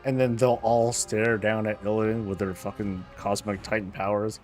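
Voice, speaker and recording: A man's voice: on the low side, level tone, moderate pace, a little mellow, faint music behind. A man streaming, chatting casually, rambling and joking, swearing freely. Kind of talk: casual chat.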